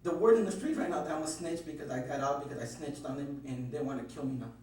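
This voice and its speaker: A man's voice: on the high side, quick pace, darkish tone. A man being questioned, nervously rambling through his account with lots of swearing and restarts. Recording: very echoey room, distant mic, faint hum.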